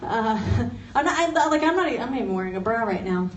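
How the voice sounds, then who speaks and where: A woman's voice: fairly high pitch, animated, fast, a crowd in the background. A young woman from Los Angeles doing a stand-up comedy set, chatty and self-mocking, laughing through her lines. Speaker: stand-up comic. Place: office turned into a comedy venue. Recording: roomy office space, mic at a distance, noisy.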